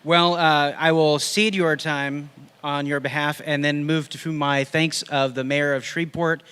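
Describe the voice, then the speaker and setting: A man speaking at a live event, relaxed and chatty as he thanks supporters and introduces the next speaker. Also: a little high, a little slow, clean tone, big-room sound. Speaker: event organizer.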